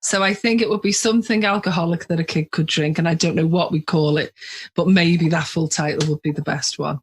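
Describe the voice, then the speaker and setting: A woman's voice: fairly low pitch, steady tone, brisk, slight background noise. A woman, a guest expert chatting casually in an interview and laughing easily. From England. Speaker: guest, social engineering expert.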